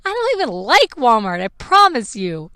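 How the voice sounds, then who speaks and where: A woman's voice: fairly high pitch, huge pitch swings, moderate pace, pushed and bright, dry recording, studio quality. A mother hosting a podcast, telling a personal story in a frank, emotional way with laughs and the odd swear. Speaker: podcast host.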